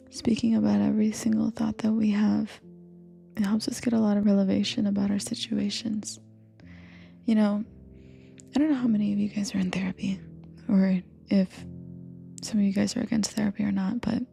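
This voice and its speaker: A young woman rambling softly in a confiding comfort audio, partly whispered, with lots of fillers. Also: medium pitch, gravelly. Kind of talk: soft whispered rambling monologue. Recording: faint music behind. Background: soft background music.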